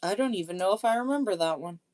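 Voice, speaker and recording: A woman's voice: mid-range voice, animated, fast, a little mellow. A woman live streaming in casual chat. She is chatty and self-deprecating, and she laughs often.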